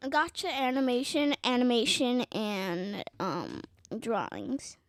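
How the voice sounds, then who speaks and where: A young girl guests on a podcast, chatting playfully, giggling, and trying out silly accents. Her voice is a little high with lively intonation and a slow pace, recorded on a podcast mic with dry, clean studio sound.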